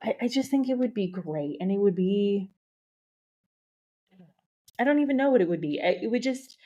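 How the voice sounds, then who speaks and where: A woman hosting her own podcast, talking alone to her listeners in an excited, gushing way with lots of fillers, a bit out of breath. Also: medium pitch, normal speed. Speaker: podcast host, beauty industry coach. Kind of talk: solo podcast monologue. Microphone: podcast microphone.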